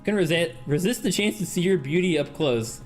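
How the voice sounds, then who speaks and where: A man's voice: a little high, expressive, a little fast, close to an everyday voice. A man voicing a haughty, scornful pirate queen in a theatrical mock pirate drawl, with faint game music behind. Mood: mock-gracious. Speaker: streamer.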